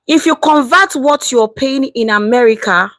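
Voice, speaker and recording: A Nigerian woman in her thirties hosts a casual live stream, reading and answering viewer comments. Her voice sits a little high and sounds close and dry. She is lively, switching easily between English and Pidgin. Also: moderate pace, dry recording, low-quality recording.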